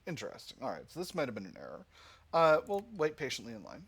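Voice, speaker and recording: A man's voice: mid-range voice, big pitch swings, fast. Man, gaming host, let's play commentary, reads game narration, thinks aloud, hesitant fillers, faint background hiss.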